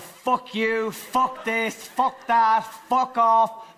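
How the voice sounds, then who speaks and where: Very high-voiced cheeky male comic. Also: level tone, drawn-out words, sharp tone. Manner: cheeky, building a list of swears. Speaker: stand-up comedian. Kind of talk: stand-up opening.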